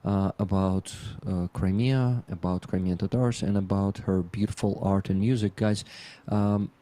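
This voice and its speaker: A man from Ukraine, speaking earnestly and haltingly on a livestream, with many fillers. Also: low-pitched, fairly even intonation, warm tone. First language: Russian. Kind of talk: casual livestream chat.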